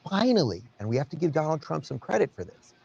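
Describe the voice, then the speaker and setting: A man hosting an opinion commentary show, speaking in a sarcastic, animated way. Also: on the high side, quick pace, vocal fry, muffled recording.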